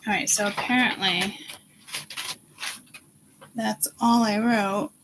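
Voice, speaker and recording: A woman hosting her own psychic channel, talking casually and thinking aloud in slow, halting bits that trail off mid-thought. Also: mid-range voice, steady tone. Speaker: self-styled psychic channel host. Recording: clear background noise.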